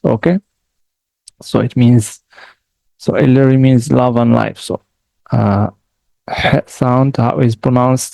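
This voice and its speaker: A man's voice: mid-range voice, fairly even intonation, measured pace, gravelly, long pauses, dark tone. A man from Morocco, teaching a language lesson patiently and repeating words for the listener to echo.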